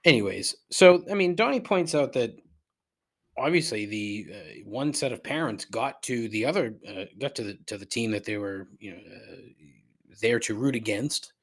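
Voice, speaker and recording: A middle-aged man hosting a podcast, rambling through a profane rant that climbs in pitch when he gets riled. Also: expressive, normal speed. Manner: rambling and repetitive, swears freely, rises in pitch when riled. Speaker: podcast host. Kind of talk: casual profane ranting monologue.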